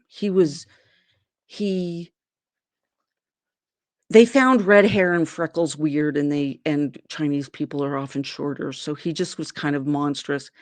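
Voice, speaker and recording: As a guest in an interview, a woman from Arizona with a deep voice recounts a personal story, the audio free of echo. She acts out people's words animatedly, raising her voice for them.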